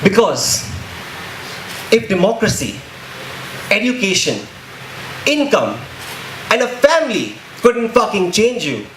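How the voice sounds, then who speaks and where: A man with a fairly high voice delivers spoken word poetry with intense, rhythmic, rhyming emphasis. The room is echoey, with a faint hum of ambience behind him. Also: wildly swooping pitch, slow pace, pauses often, fairly bright tone. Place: live poetry event.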